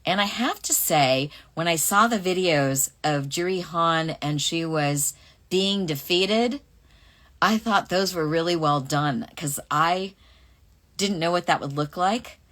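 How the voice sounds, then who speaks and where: A woman's voice: lowish voice, takes it slowly, a bit bright. A middle-aged voice actress casually answering fan questions on a livestream, reading them aloud and musing over her answers.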